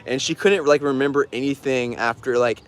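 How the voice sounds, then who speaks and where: A man's voice: mid-range voice, fairly quick. A man telling stories casually on a livestream, rambling with lots of fillers and frequent laughs. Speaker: artist streaming an auction.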